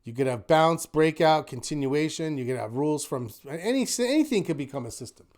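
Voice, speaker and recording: A man's voice: fairly high pitch, lively intonation, brisk, a little mellow. A man hosting a live online trading class, upbeat and encouraging, working through rhetorical checklists of questions for his students. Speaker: trading instructor hosting a weekly market wrap.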